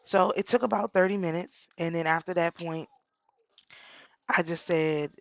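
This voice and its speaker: A woman's voice: on the low side, steady tone, moderate pace, vocal fry, no echo, lo-fi sound. A middle-aged woman talking casually about spiritual practice, telling a personal story with repeated phrases. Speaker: spiritual channel host.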